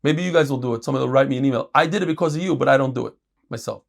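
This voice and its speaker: A middle-aged man, a rabbi teaching a Talmud lesson, reading Hebrew and Aramaic passages and explaining them in English with lively emphasis. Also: racing, vocal fry. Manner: animated, jumps in pitch and volume for emphasis.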